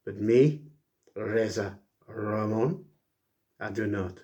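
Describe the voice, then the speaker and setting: A man doing a quiet, low impression of a cocky male wrestler, boasting in a put-on accent. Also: slow.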